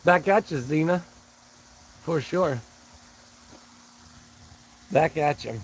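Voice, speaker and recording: A man's voice: fairly high pitch, slow, slightly rough, low-quality recording. A man hosting a casual live stream, rambling along and greeting viewers by name. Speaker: livestream host.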